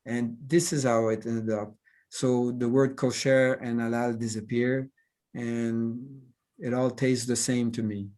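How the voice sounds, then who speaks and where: Over a relaxed video call, a Québécois cartoonist who grew up speaking French talks in a mid-range, somewhat dark voice. His pitch barely moves and his pace is a bit slow, with frequent hesitations, fillers and restarts.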